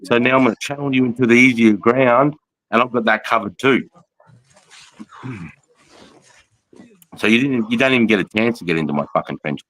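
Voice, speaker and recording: A man's voice: mid-range voice, moderate pace, long pauses, fairly bright tone, rough recording. A man with an Australian accent hosting a live stream, talking bluntly and rambling with lots of swearing. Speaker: livestream host, veteran. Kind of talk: casual live commentary.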